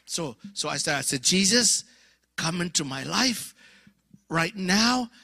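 Animated, gravelly African preacher in his fifties. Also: high voice, takes it slowly, dry recording, studio quality. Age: 50s. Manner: animated, acts out dialogue, drops to whispers. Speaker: guest preacher. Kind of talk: storytelling sermon. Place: church conference.

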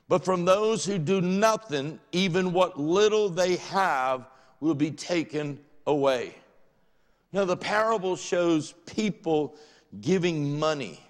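A male pastor with a Southern US accent delivers a sermon. He reads the passage aloud and then unpacks it in plain, everyday words, his fairly high voice carrying. The church audio rings with a long hall reverb. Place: church sanctuary.

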